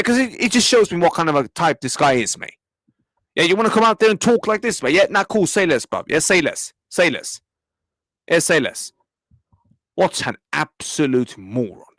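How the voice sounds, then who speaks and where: A man's voice: on the high side, fairly bright tone, no echo, low-quality recording. A man ranting in a match reaction video, exasperated and slangy, repeating himself as he talks to his viewers. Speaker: football fan channel host. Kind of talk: heated match reaction rant.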